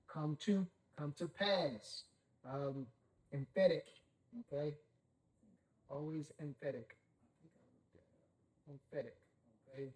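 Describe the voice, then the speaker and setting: A man's voice: fairly high pitch, steady tone, takes it slowly, long pauses, darkish tone, low-quality recording. A man leading a Bible study, who keeps saying "okay?" and puts questions to his group. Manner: checks in with "okay?" constantly, asks the group questions.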